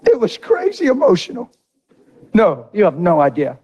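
A middle-aged man preaching a sermon, telling a personal story with animated, emotional delivery. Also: normal speed, slightly rough, dull audio. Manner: animated and emotional, voice jumping high when quoting his crying wife.

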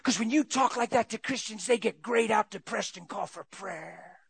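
A male preacher giving an animated sermon, laughing often and breaking into shouts. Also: high voice, moderate pace, gravelly, husky, no echo.

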